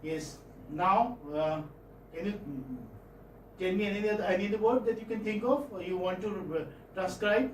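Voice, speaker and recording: A man with an Indian English accent giving a classroom phonetics lecture, halting and often checking in with students. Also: high-pitched, a little hiss or hum. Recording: roomy classroom audio from far off.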